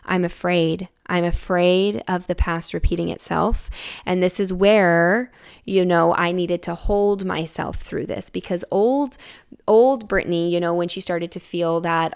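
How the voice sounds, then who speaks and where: Young woman podcaster, low gravelly voice but smooth, confiding self-help chat, lots of "like" and "you know". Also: steady tone, moderate pace. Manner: confiding and reflective, many fillers like "like" and "you know". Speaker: podcast host. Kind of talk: candid personal self-help talk.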